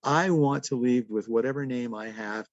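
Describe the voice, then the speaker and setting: A man in his seventies speaks with a gravelly, fry-edged voice at a middle pitch. He talks in a storytelling way as an interview guest, laughing often. The sound is dry and a little dull. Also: moderate pace, no room sound. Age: 70s. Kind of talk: conversational interview.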